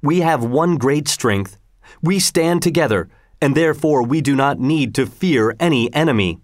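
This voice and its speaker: A man's voice: fairly high pitch, animated, moderate pace, dry recording, studio quality, lightly acted. A man reading the lines of a steadfast heroic male folk leader in a storybook reading. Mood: resolute.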